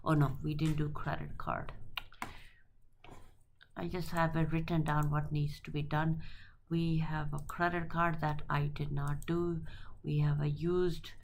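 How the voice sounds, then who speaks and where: A woman teaching accounting through a software walkthrough, halting and thinking aloud with many fillers and self-corrections. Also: deep voice, little pitch movement, gravelly, slight background noise. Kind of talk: screen-recorded software tutorial.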